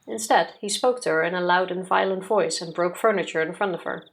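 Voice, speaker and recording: A woman co-hosting a let's play, reading the visual novel's text aloud in a steady, even way, with casual asides to her partner. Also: fairly low pitch, brisk, background noise. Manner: steady, even reading pace with occasional yawns.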